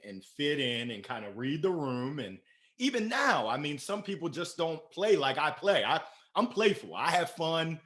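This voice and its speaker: A man from Maryland, a podcast guest, telling stories in a playful, energetic, animated way. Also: mid-range voice. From Maryland, USA. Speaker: podcast guest, sales director. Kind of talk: casual interview storytelling.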